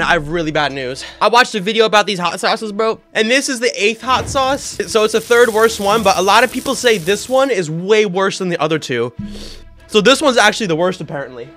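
A man giving excitable, slangy commentary on a gaming challenge, often yelping and laughing. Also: sits high. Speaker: gaming YouTuber.

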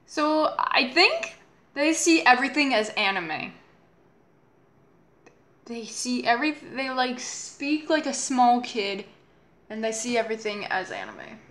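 A woman's voice: on the high side, big pitch swings, slow, pauses often, fairly bright tone. A young woman reacting to a children's show, swearing and exasperated, with sarcastic commentary. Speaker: reaction video host.

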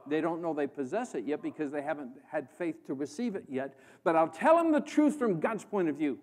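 A man from the American Midwest preaching a sermon as a guest preacher, swinging between loud proclamation and hushed emphasis. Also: fairly high pitch, animated, fairly quick. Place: church.

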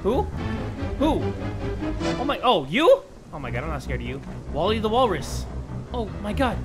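A young man hosting video game commentary, excitable and joking, with loud outbursts. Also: high voice, normal speed, music in the background. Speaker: gaming channel host.

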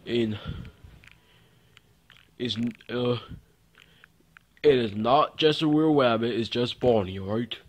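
Slow, rambling man voicing toy puppets. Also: mid-range voice. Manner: rambling and repetitive, with fillers. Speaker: puppet show performer. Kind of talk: improvised toy puppet skit.

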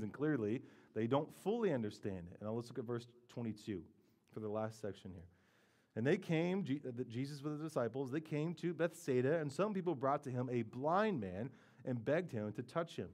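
A man, a pastor, preaching a sermon in a lively, conversational way with playful asides. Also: medium pitch, fairly quick.

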